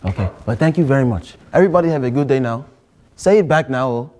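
A man's voice: medium pitch, expressive, fast talker, mellow, natural voice. Young man putting on a pushy Nigerian-accented student. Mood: pleading. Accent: Nigerian (put on). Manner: insistent, exclamatory "oh" and "ah, ah" tags. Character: pushy male Nigerian student wanting to learn scamming. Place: college lecture hall.

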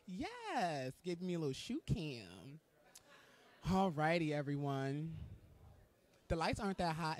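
A man with a slightly high voice hosts live coverage from an indoor red carpet. He talks in a gushing, excitable and campy way.

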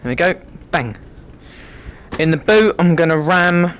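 A man's voice: a little high, expressive, a little slow, fairly bright tone, slight background noise. A British man giving cheeky, sweary commentary while playing a VR game. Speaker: gamer content creator. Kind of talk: casual gameplay commentary.

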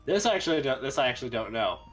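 A man's voice: medium pitch, big pitch swings, racing, fairly bright tone, faint music behind. A man on a game stream, chiming in hesitantly and correcting the player's pronunciation. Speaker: friend on the stream. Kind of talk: casual game-stream chat.

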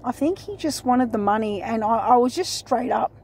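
A woman's voice: fairly high pitch, animated, normal speed, a little mellow, slight background noise. A middle-aged woman with an Australian accent, earnestly telling a story in a chatty vlog from her parked car at night, recorded on a phone. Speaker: vlogger.

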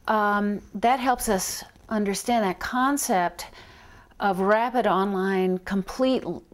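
Middle-aged woman, reading expert in interview, measured explainer, mid-pitched voice. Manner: measured, explanatory, spells out letters. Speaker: reading researcher being interviewed.

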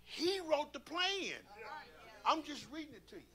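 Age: adult. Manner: animated, booming preacher. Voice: a man, high and bright. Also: unhurried. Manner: animated, repeats words, bursts into shouts. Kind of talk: preaching church talk. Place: church.

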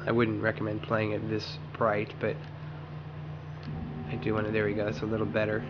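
A lower-pitched man gives relaxed, rambling commentary as he plays through a game, talking to himself as much as to his viewers. The recording is noisy, with a clear hiss of background sound under his voice. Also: normal speed, muffled recording. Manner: rambling, self-talking while playing. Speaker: gaming channel host. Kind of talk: casual gameplay commentary.

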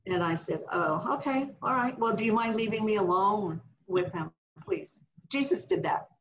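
A middle-aged woman minister, a podcast guest, telling a healing testimony in an animated way and acting out the voices she quotes. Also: mid-range voice, normal speed, dull audio, noisy background. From California.

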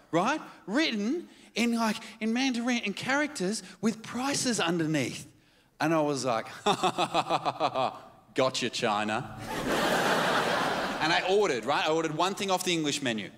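A man, performing a stand-up comedy set with animated storytelling and quick jumps into quoted voices. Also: high voice. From Australia. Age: 30s. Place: large comedy theatre stage. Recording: live hall with audience noise.

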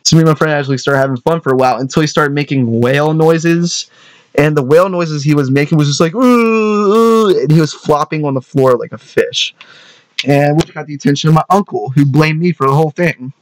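A man's voice: on the high side, steady tone, quick pace, no echo. A young man casually telling a storytime tale, rambling, restarting his sentences and often adding "you know what I mean".

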